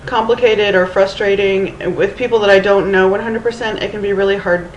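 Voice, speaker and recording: Brisk and fairly even in intonation, her medium-pitched voice sounds dull, with slight background noise. She's a Houston woman in her thirties rambling casually through a storytime vlog, Valley Girl-like, with many ums and restarts, speaking into her camera's mic in a roomy space with faint ambience.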